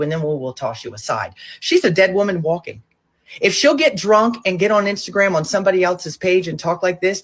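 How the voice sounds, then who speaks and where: A woman commentator in a video clip, speaking sternly in repeated warning phrases. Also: lowish voice. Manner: stern, warning, rhythmic repetition.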